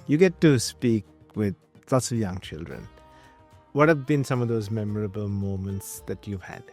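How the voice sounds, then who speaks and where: A man's voice: fairly low pitch, animated, normal speed, darkish tone, soft background music. A middle-aged man hosting a podcast interview, earnest and thorough, asking long questions with fillers. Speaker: podcast host.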